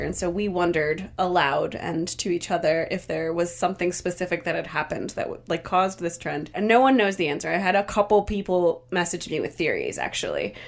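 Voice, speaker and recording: A woman co-hosting a podcast in casual chat, laughing often and talking with fillers and restarts. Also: on the low side. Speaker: podcast co-host.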